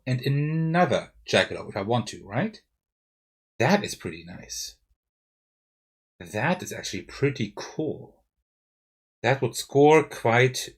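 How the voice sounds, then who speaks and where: A man's voice: medium pitch, breathy edge. German-accented man thinking aloud. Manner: thinking aloud, self-questioning with frequent "right?". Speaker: board game streamer. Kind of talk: live card game playthrough. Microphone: desk mic with face cam.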